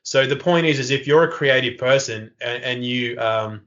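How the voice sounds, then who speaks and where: A man, a podcast guest telling stories in a lively way and acting out the people in them. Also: mid-range voice, normal speed. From Australia. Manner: animated, acts out quoted voices. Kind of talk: casual storytelling interview. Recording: dull lo-fi podcast audio.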